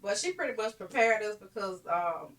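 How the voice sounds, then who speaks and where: Bright-voiced woman co-host, emphatic. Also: mid-range voice, animated, normal speed. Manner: emphatic, repeats phrases for weight. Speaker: podcast co-host. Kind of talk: casual chat.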